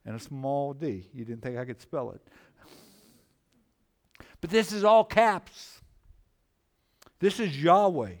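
A man preaching a sermon, slow and emphatic, repeating key phrases and swinging from loud exclamations to hushed, low lines. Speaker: pastor.

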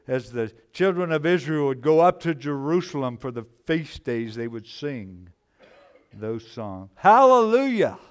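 Guy preaching slow n emphatic, repeats stuff, goes from loud bursts to real quiet, voice a bit high. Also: clean tone. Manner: swings from loud exclamations to low, hushed delivery. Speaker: pastor. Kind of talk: sermon.

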